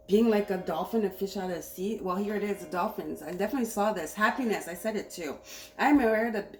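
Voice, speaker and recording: An upbeat woman doing a casual tarot reading, talking straight to her viewers with lots of repetition and encouragement. Her voice sits at a middle pitch and carries a roomy echo, with a faint hiss of noise behind it. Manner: upbeat, enthusiastic, repeats herself. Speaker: tarot reader. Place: home room, cooking on stove nearby. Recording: echoey room with faint noise.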